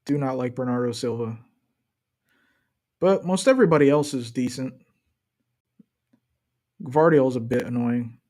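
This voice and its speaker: A man's voice: mid-range voice, moderate pace, long pauses, darkish tone. A young man chatting loosely and joking as he streams his reactions to a football match. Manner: loose, joking, trash-talking. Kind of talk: casual live-stream commentary.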